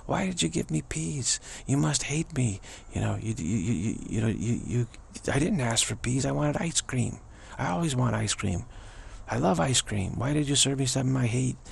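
A petulant little child whines and sulks, as a man puts the voice on with his pitch pushed well above his usual. The complaints tumble out in an indignant, whining rush. Underneath is a gravelly edge. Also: expressive, normal speed, full character voice. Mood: whiny, indignant. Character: whiny, sulky little child throwing a tantrum.

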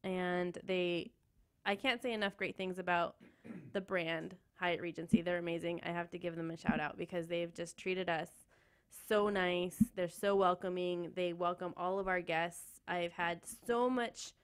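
A woman's voice: lowish voice, steady tone, a little slow, clear, resonant tone. A woman in a radio studio speaking as a conference organizer, bubbly and enthusiastic. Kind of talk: studio guest chat. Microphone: studio microphone.

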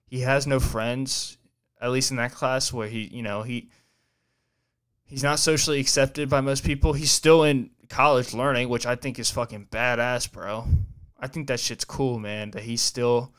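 In a casual storytelling chat, a young podcast host tells a long, rambling and profane story packed with fillers and restarts. He speaks at medium pitch and a moderate pace, fairly even in intonation, with a clean, fairly bright tone.

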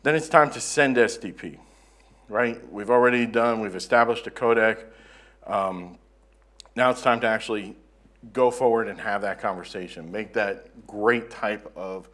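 A man from the southern United States giving a relaxed, self-deprecating conference presentation in a conference room. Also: on the low side. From Southern United States (Florida). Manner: conversational, self-deprecating, joking. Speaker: conference speaker.

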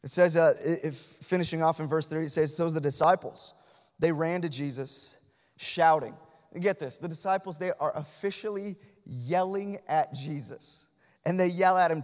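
A man delivers a sermon in a high, lifted voice. He repeats phrases for emphasis and moves between soft, hushed lines and loud, urgent ones. A long church reverb trails after every line. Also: moderate pace. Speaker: pastor. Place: church sanctuary.

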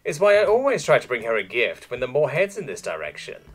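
A scheming alien socialite woman, as a man puts her on for a storybook reading purrs her lines in a silky, teasing tone. The voice is a little husky and swings widely in pitch. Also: huge pitch swings, fast talker, faint music behind. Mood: smug, coaxing.

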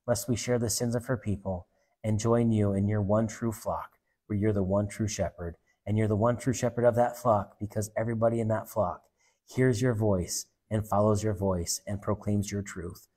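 A man's voice: fairly low pitch, fairly even intonation, moderate pace. A man preaching a sermon, telling a story and leading a prayer in an earnest, repetitive way. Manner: earnest, repetitive, softening to hushed.

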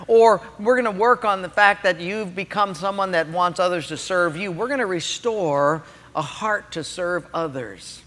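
Bright-voiced preaching man in a hall. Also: high-pitched. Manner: animated storytelling, addresses listeners directly. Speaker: pastor. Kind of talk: sermon. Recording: long hall reverb.

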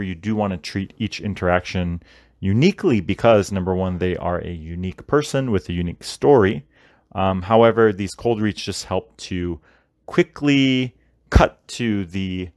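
A man with a low-pitched voice hosts a casual instructional podcast, rambling through a monologue packed with fillers and tag questions. The recording is dry and of studio quality.

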